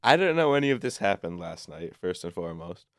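A man's voice: low voice, very animated, a little fast, a bit bright. A man co-hosting a sports podcast, laid-back and chatty. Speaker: podcast co-host. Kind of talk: casual chat.

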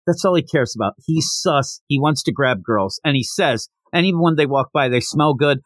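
A male podcast host giving a casual, animated recap of a comic chapter and retelling the characters' dialogue. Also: a little high, normal speed, hardly any pauses, dry recording.

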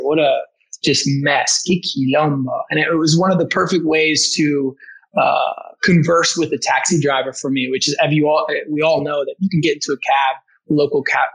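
Through a rough recording, a male guest language teacher eagerly recounts a story in casual talk, restarting often and performing the quoted voices. His medium-pitched voice is creaky and husky yet fairly bright.

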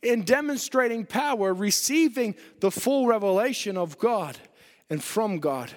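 A man preaching a fervent sermon in a church, swinging between loud, driven passages and quiet ones. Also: high-pitched, expressive, measured pace. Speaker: pastor. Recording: long reverb of a church hall.

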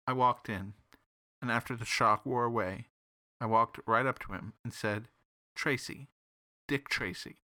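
A man reading his own comic detective story aloud in an animated, playful way. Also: medium pitch, normal speed, dry recording.

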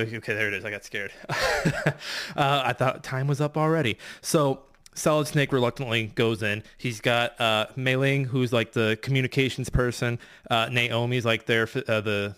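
A man's voice: medium pitch, fairly bright tone. Rambling, profane man recapping a game. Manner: rambling, profane, full of fillers and restarts. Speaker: podcast competitor recapping a game. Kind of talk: rushed casual game recap.

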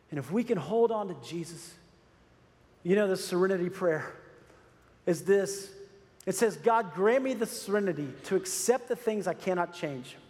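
A man's voice: high-pitched, dark tone. A man preaching a sermon as pastor, earnest and urging, repeating phrases for emphasis. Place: church sanctuary. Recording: long reverb of a large hall.

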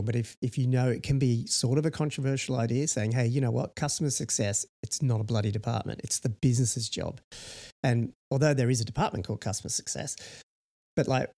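A man's voice: mid-range voice, warm tone. A man co-hosting a startup podcast in casual chat, rambling and full of "you know" fillers. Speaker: podcast co-host, startup founder.

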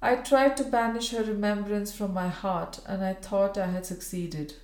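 Woman reading as a solemn grieving gentleman. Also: medium pitch, steady tone, natural voice. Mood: grave. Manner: earnest, formal and measured. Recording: roomy echo.

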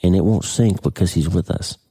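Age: middle-aged. Sex: man. Pitch: very low. Tone: mellow, husky. Style: casual podcast host. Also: fairly quick. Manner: unscripted, off-the-cuff, earnest.

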